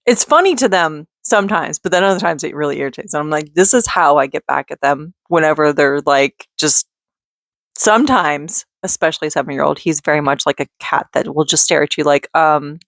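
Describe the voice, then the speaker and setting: Low gravelly-voiced rambling woman vlogger. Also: fairly quick, no room sound, studio quality. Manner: rambling with many restarts and filler "like". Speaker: vlogger and mother. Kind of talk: casual rambling vlog chat.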